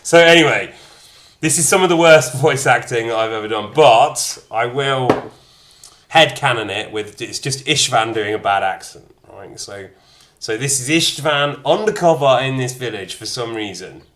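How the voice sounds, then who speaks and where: A man's voice: mid-range voice, expressive, moderate pace, fairly bright tone. A man streaming a game and chatting casually, self-mocking and swearing freely. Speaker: streamer and voice actor. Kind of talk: let's-play commentary.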